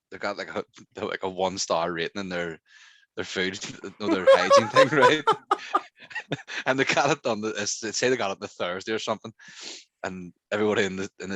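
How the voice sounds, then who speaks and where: A young man with a Northern Irish accent, a podcast guest telling work stories in casual chat, animated and quick to laugh. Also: low voice, no room sound.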